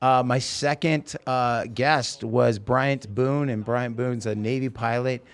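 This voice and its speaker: A man hosting a podcast, telling stories in a rambling, animated way with lots of restarts. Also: mid-range voice, slow, clear, resonant tone. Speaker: podcast host. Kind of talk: casual chat, storytelling.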